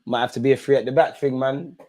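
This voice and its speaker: A man's voice: medium pitch, steady tone, fast talker, mellow. Exasperated man reacting to a live match. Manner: reactive, exasperated, talks at players and ref. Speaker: football watch-along host. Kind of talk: live match watch-along commentary.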